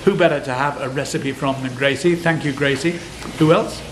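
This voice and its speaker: A British man in his sixties hosting a cooking vlog, talking casually and excitedly to his viewers. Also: medium pitch, moderate pace. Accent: British English. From Britain. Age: 60s. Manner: chatty, excitable, rambling. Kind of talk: casual chat to camera. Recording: echoey room with noticeable background noise.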